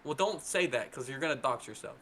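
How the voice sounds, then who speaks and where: A man's voice: medium pitch, a little fast. A man co-hosting a podcast, telling casual anecdotes in a rambling way, full of "like" and quoted voices. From North Carolina. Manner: rambling storyteller, lots of "like", does excited voices for people he quotes. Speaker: podcast co-host. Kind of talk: casual chat.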